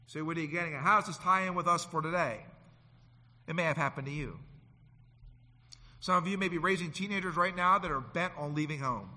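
Man preaching a bright, dramatic sermon in a reverberant hall. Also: fairly high pitch, a little fast, pauses often. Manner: dramatic swings from loud to hushed, acting out quotes. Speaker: pastor. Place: church sanctuary.

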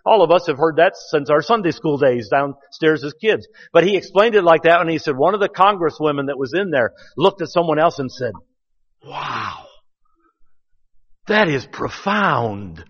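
Pastor preaching a sermon, man with a slightly high voice, folksy and emphatic, dull recording with long church reverb. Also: a little fast, few pauses.

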